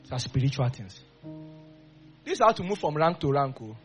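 A man preaching a sermon with fervent delivery, dropping to quiet asides and rising into loud bursts. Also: mid-range voice, very animated, fairly quick, faint music behind. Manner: acts out quoted voices.

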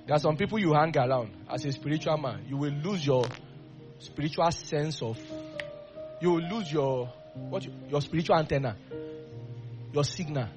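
A man delivers a fervent sermon in a voice pitched a little high. He shifts between low, confiding asides and loud, forceful bursts. Soft music plays faintly behind him. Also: normal speed, pauses often. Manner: acts out quoted voices. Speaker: preacher.

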